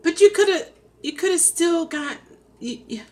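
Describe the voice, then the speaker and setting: A woman chatting casually on a live stream, reading comments aloud and often breaking into loud laughter. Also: extremely high pitch, animated, moderate pace. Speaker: rideshare driver vlogger reading live chat.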